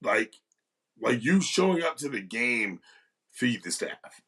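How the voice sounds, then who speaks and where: A man's voice: medium pitch, very animated, slow, fairly bright tone. A man hosting a youth sports show, talking loosely and with energy, full of slang and repeated phrases for emphasis. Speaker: youth sports league host. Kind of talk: casual monologue with shout-outs.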